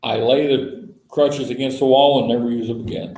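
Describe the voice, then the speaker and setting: A man leading a small-group Bible study, telling stories in a relaxed, folksy way and spelling words out letter by letter. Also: medium pitch, moderate pace, echoey room, rough recording. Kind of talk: casual teaching talk to a small group.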